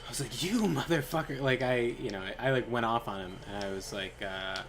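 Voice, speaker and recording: A man's voice: lowish voice, a little fast, background noise. A young man streaming a game, telling a rambling story in casual chat with lots of fillers. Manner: rambling, animated, lots of fillers and quoted voices. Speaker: gaming streamer. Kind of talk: casual storytelling while playing.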